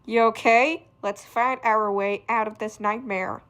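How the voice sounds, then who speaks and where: Woman, fan reader, high voice, slow pace, voices the characters, calls out sound effects. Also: steady tone. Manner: shouts sound effects and alarmed lines. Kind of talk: reading a graphic novel aloud with character voices.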